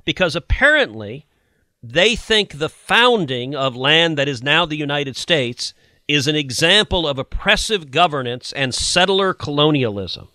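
A man's voice: fairly high pitch, lively intonation, a little slow, bright, forceful tone, dry recording. A man hosting a political podcast, indignant and sarcastic as he reads quotes aloud and mocks them. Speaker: podcast host. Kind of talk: opinionated political commentary.

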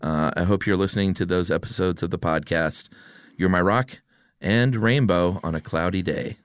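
Low smooth dude reading listener shoutouts on his podcast, chill and amused. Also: moderate pace, no room sound, studio quality. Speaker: podcast co-host. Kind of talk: casual chat, reading listener messages.

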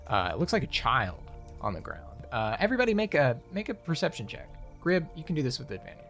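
A man's voice: fairly high pitch, wildly swooping pitch, quick pace, a bit bright, faint music behind. A man narrating a fantasy scene as game master, in loose, rambling speech full of fillers.

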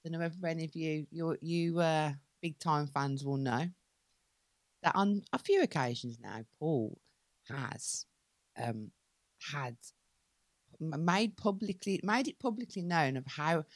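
A woman's voice: sits low, no room sound. A woman co-hosting a podcast, tired and playfully complaining about her partner. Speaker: podcast co-host. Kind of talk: casual chat.

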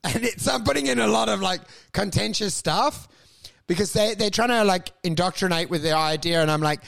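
A man's voice: high-pitched, a little fast, creaky. A middle-aged man, a comedian co-hosting a podcast, chatting casually and animatedly, often laughing. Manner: animated, laughing, mimics others in quotes.

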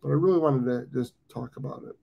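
A man's voice: medium pitch, fast talker, creaky, highs cut off. A man in his fifties with an American accent, hosting a live dog training show in casual talk, rambling and repeating himself with many ums. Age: 50s. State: has the hiccups.

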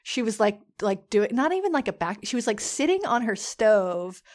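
A woman's voice: fairly high pitch, sing-song, moderate pace, darkish tone. A woman co-hosting a podcast, talking in a loose, rambling and chatty way with casual swearing. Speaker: podcast co-host.

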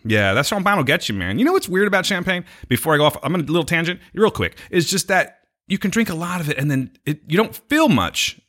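A man's voice: sits high, sing-song, quick pace, fairly bright tone. A man co-hosting a podcast, chatting casually in a rambling, jokey way full of tangents. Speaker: podcast co-host.

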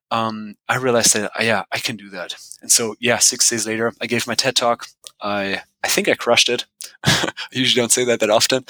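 Bright-voiced man telling lively stories. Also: on the low side, no echo, poor audio. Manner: animated storyteller who acts out dialogue and laughs often. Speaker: podcast guest, author. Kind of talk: conversational interview.

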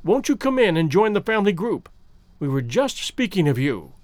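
A man's voice: high-pitched, very animated, normal speed, darkish tone, no room sound. A man reading a blunt cynical moneyed suitor. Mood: courteous.

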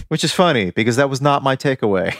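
A man co-hosting a podcast, sharing film trivia in an enthusiastic, animated way and laughing often. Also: medium pitch, brisk, no echo, studio quality. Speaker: podcast co-host. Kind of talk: casual film-trivia chat.

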